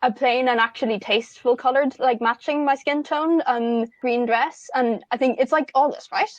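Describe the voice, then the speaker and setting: A woman's voice: sits high, fairly even intonation, moderate pace, dry recording, highs cut off. A woman playing a tabletop game, chatty and giggly with many fillers. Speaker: player.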